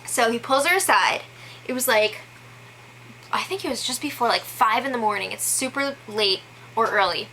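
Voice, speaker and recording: A woman giving a casual, chatty recap, full of "like" fillers and quick laughs. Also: a little high, expressive, sharp tone, a little hiss or hum, low-quality recording. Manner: chatty, many "like" fillers, laughs between quotes. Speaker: show recap host.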